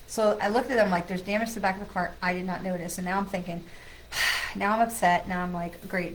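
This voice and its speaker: A middle-aged woman, a psychic medium, casually telling a personal story to her viewers in a chatty, animated way. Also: medium pitch, slight background noise, low-quality recording.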